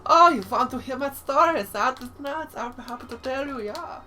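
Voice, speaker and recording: A man voicing a flamboyant, excitable male scientist with a put-on German accent. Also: moderate pace, exaggerated voice. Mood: preening. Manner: high, theatrical and preening.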